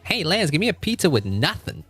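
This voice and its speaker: A man voicing a cheeky, demanding little male cartoon character in a raised, excited voice. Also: fairly high pitch, a little fast, breathy edge, faint music behind, pitched above the performer's own voice, full character voice.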